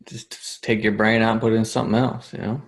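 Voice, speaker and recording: A man co-hosting a casual podcast, his voice low and full of gravel and fry. He chimes in with short, offhand quips between his partner's stories. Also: flat delivery, quick pace. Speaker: podcast co-host.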